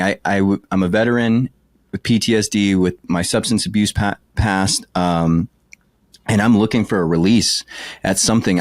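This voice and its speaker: A man's voice: fairly low pitch, dry recording, studio quality. A man hosting a podcast, talking in a reflective, earnest way with many hesitations. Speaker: podcast host. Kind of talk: reflective interview talk.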